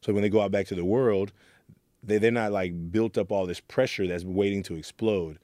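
Here the Oakland, California youth program leader tells stories from earlier in his life, acting out people's words with earnest feeling during a reflective interview. His voice is on the low side, mellow and fairly even, at a moderate pace, with clean studio sound and no room tone.

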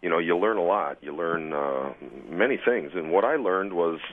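Guy calling in to radio, low voice, rambly and fed up, phone line sound. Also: animated, moderate pace. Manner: indignant, rambling with fillers. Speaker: caller. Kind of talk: call-in comment.

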